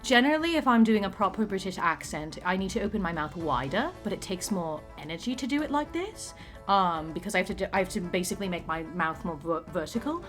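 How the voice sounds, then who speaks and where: A tired woman streaming a detective game, chatting casually with a giggly, halting manner. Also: mid-range voice, lively intonation, fairly bright tone, soft background music. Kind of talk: casual chat.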